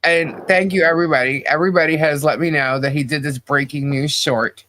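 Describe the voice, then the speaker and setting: A man co-hosting a podcast in casual commentary chat, animated and quick with asides. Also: a little high, slight background noise. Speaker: podcast co-host.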